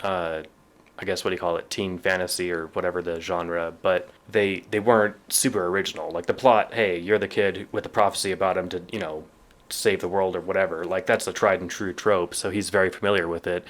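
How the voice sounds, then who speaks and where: A man's voice: low-pitched, a little fast. A man co-hosting a casual podcast, discussing a novel and reading passages aloud, chuckling often. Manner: reads passages aloud with lively quoted voices, chuckles often. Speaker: podcast co-host.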